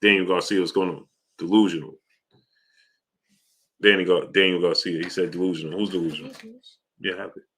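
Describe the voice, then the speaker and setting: A man's voice: low-pitched, steady tone, fairly quick, long pauses, a bit bright. A man hosting a casual live stream, greeting viewers by name, reading their comments and asking for likes.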